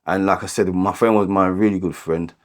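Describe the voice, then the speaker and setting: Low-voiced London man telling his story. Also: steady tone. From London, England. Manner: halting, repeats words and restarts, many filler "like"s. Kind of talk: candid personal storytelling.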